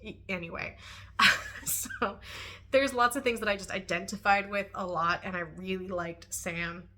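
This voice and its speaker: Bright-voiced chatty woman reviewing books. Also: mid-range voice, unhurried. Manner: chatty, animated, laughs often, many "um" and "like". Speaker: book reviewer. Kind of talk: casual book review vlog.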